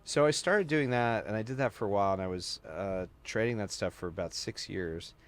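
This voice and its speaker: A man's voice: fairly low pitch, brisk. A man guest on a podcast, telling long stories in casual chat, full of "like" fillers and quoted voices. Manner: animated storyteller with many "like" fillers and quoted voices.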